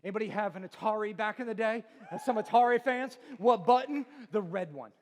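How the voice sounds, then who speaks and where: High-voiced joking pastor in a reverberant hall. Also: male voice, fairly quick, darkish tone. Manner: joking, quizzes the crowd, laughs often. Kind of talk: humorous sermon intro. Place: large church auditorium. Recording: long reverb of a church hall.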